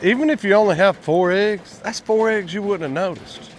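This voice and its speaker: Guy vlogging at his quail pens, high lively voice, bit of outdoor noise. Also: moderate pace. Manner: folksy, chatty, addresses viewers as y'all. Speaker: quail farmer and channel host. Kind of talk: casual outdoor vlog.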